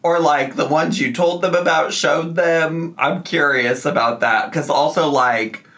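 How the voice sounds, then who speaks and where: A man's voice: on the high side, unhurried, a bit bright. A man hosting a reaction commentary, chatty and sarcastic, often laughing as he talks. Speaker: YouTube commentary host.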